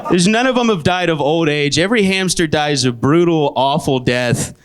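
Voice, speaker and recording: Young man doing stand-up, deadpan. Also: moderate pace, clean tone. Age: 20s. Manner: deadpan storytelling with sudden high-pitched outbursts. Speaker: stand-up comedian. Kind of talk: stand-up comedy set. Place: comedy club stage. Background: audience laughter.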